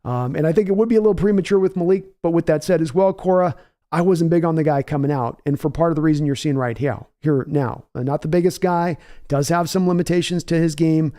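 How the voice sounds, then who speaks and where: A man hosts a live football stream, reading the chat aloud, answering viewers by name and talking casually. His voice is slightly high but warm and mellow, and he works through his analysis out loud in a measured way, restarting sentences now and then.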